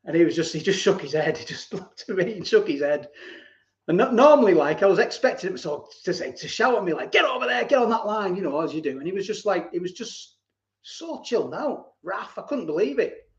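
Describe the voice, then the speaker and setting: A man's voice: sits high, expressive, brisk. Rambling man in a roomy space. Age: 40s. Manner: rambling, repeats words, chuckles often. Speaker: live-stream host. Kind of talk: casual live-stream chat and storytelling. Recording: roomy, dull lo-fi home stream.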